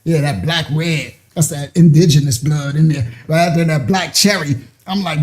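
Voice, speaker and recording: Man, casual storytelling, animated, frequent laughter, high voice, warm tone. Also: normal speed. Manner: animated, laughs often, acts out quoted voices. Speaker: show host telling a personal story.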